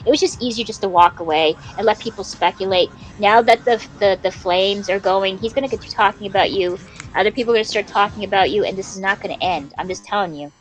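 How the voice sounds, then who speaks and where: A woman's voice: mid-range voice, poor audio. A woman in her forties from Canada, rambling in casual, profane live-stream chat while she plays a game, saying dude a lot. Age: 40s.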